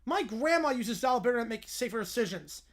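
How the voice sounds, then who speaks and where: A woman's voice: on the high side, expressive, a little fast. A woman hosting a livestream, reading comedy sketches aloud and jumping into character voices. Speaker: livestream host.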